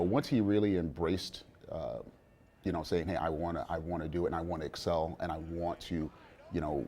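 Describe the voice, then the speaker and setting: A middle-aged man, the father of a young player, talking in a relaxed sit-down interview with many fillers and restarts. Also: low voice, slight background noise. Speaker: interview guest, father of a college quarterback.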